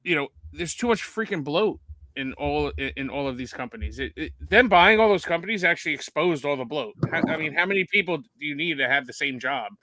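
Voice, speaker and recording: A man's voice: a little high, expressive, brisk, sharp tone. A man co-hosting a podcast, ranting in casual chat and repeating himself as he searches for words. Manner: hesitant and repetitive, ranting. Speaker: podcast co-host.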